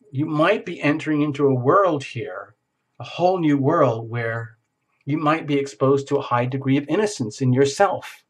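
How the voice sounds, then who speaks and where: A man giving a casual tarot reading in a playful, theatrical way, acting out little scenes as he goes. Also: medium pitch. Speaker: tarot reader.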